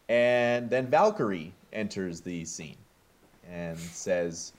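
A man with a low, slow voice walks friends through a film script in casual chat. He hesitates often, with fillers between lines. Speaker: host recapping a film.

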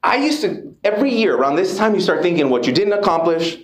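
A man giving an energetic, profane motivational talk to a live audience, calling out to the crowd. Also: high-pitched, quick pace. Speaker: motivational speaker. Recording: echoey room with background noise.

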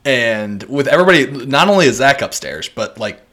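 A man's voice: mid-range voice, very animated, brisk, fairly bright tone. A young man co-hosting a podcast, telling a story in casual chat, laughing often and swearing freely. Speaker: podcast co-host.

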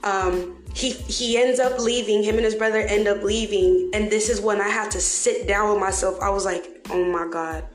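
A woman candidly telling her own story to the camera, blunt and heavily profane, with dark humor. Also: mid-range voice, steady tone, normal speed, hardly any pauses. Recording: echoey room with faint music.

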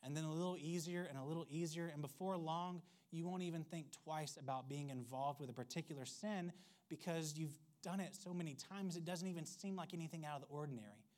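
A man's voice: on the high side, brisk, a little mellow. A man preaching a sermon in a conversational, wry way, with playful asides. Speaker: pastor.

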